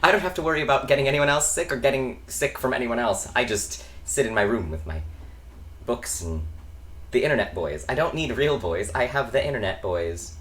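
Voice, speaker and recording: A man's voice: medium pitch, fairly quick, a bit bright. A young man from the United States hosting a casual chat vlog from his bedroom, rambling through tangents with lots of ums. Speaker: host.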